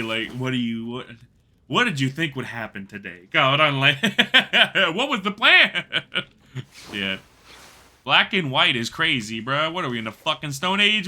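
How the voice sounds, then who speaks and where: A young man streaming a survival game, talking casually, swearing, laughing and reading chat aloud. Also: fairly high pitch. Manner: animated, laughing, swears a lot, slangy. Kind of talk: casual gameplay commentary.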